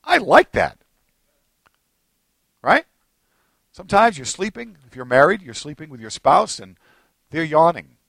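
Animated gravelly-voiced male preacher. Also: unhurried, pauses often, no room sound. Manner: animated, jumps between low asides and high excited bursts, acts out little scenes. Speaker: pastor. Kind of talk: sermon.

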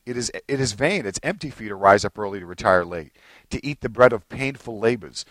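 Speaking a little fast and with no echo, a man preaches as pastor. He's animated, dropping into low asides, then leaping to high excited bursts, and acts out small scenes along the way.

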